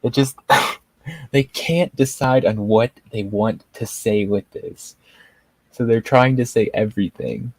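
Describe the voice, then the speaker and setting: Male show host, live review rant: drawling slow pace, dry close sound, mocking and rambling. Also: medium pitch, lively intonation, a little mellow, no echo. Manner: mocking, rambling, heavy on filler words.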